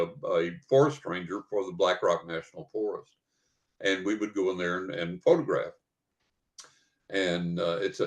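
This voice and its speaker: An older man with a fairly low voice rambles through a story. He chuckles as he goes in a casual podcast interview. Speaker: guest psychic and author.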